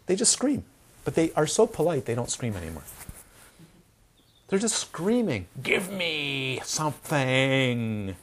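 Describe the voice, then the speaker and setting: A man teaching Dharma to an audience, his husky voice swinging widely in pitch. He asks his listeners rhetorical questions and keeps the talk lively and conversational. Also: normal speed, pauses often. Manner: animated, asks rhetorical questions, acts out crying babies.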